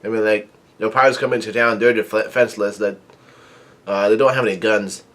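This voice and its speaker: A man's voice: fairly low pitch, a little fast. Man casually recapping a comic, filler-heavy. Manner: rambling, many fillers, reads out dialogue flatly. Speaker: manga reviewer. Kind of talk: casual manga chapter recap.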